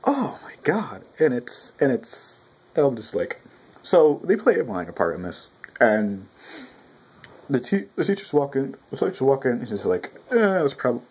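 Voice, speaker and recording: A man with a husky, slightly rough voice riffs through a casual manga review. His pitch swings around in a lively, animated way, and he talks a bit loud, swearing freely and restarting his sentences as he goes. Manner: rambling, profane, self-interrupting. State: talking loud with a clogged ear.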